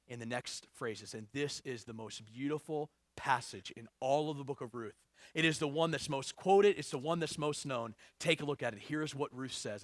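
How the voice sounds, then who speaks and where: A male pastor preaching a sermon, lively and joking, reading scripture aloud with rising emphasis. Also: medium pitch, no room sound, studio quality.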